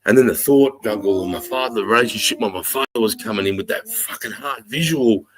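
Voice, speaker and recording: A middle-aged Australian man hosting a livestream, telling a long story in a rambling, profane, animated way. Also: lowish voice, fast talker. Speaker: livestream host.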